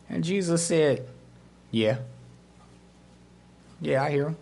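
Preaching slowly with frequent pauses, a man with a somewhat high voice gives a storytelling sermon as pastor. He's animated and voices the characters in his stories.

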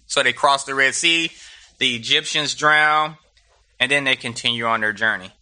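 Bright-voiced, joking Bible teacher, male. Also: mid-range voice, normal speed. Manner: humorous, retelling scripture in slang. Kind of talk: casual Bible study teaching.

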